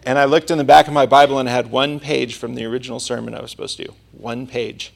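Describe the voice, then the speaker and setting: A man's voice: medium pitch, fairly even intonation, fairly quick, creaky, pauses often. A male preacher delivering a sermon, telling a personal story in a conversational manner.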